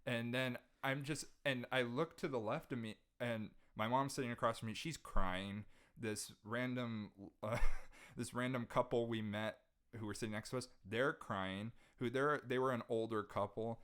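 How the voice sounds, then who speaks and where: A man's voice: mid-range voice, steady tone, normal speed, fairly bright tone, smooth. A young man, a podcast guest, earnestly telling an emotional personal story in casual conversation, restarting his sentences often as he goes. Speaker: podcast guest, jazz saxophonist.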